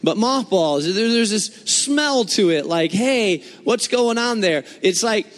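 A man preaching a sermon, explaining scripture and telling lively, humorous stories from his own life. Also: high voice, slow, in a large hall. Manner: animated storytelling with humor. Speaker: pastor.

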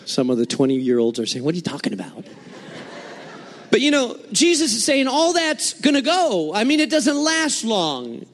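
A man preaching a sermon, explaining scripture and telling lively, humorous stories from his own life. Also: very high-pitched, moderate pace, few pauses, in a large hall, a little hiss or hum. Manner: animated storytelling with humor. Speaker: pastor.

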